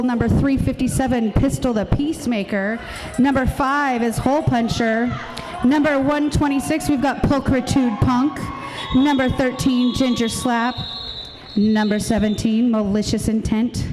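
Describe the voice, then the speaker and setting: A woman's voice: on the high side, fairly even intonation, a little slow, background noise. A woman announcing a roller derby bout, giving live commentary and reading out the roster.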